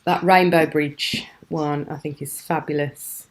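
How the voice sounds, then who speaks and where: A woman's voice: low voice, fairly even intonation, measured pace, a little hiss or hum. A British woman hosting a live craft show from home, chatting admiringly and laughing often. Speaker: craft channel host.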